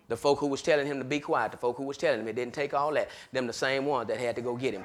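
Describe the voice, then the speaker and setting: A man preaching a sermon, swinging between loud hollering and low murmurs and laughing often. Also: fast, few pauses.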